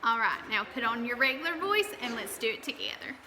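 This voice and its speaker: A woman teaching a kindergarten class, drawing out letters and words slowly and cheering the children on. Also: on the high side, sing-song, background noise. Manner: slow and drawn out when spelling, encouraging. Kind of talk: slow, clear classroom lesson.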